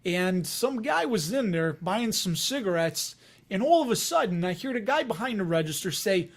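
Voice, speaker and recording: Chatty Chicago man with a high voice. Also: animated, normal speed. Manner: rambling, chatty, laughs often while talking to viewers. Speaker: investing livestream host. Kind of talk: casual livestream chat.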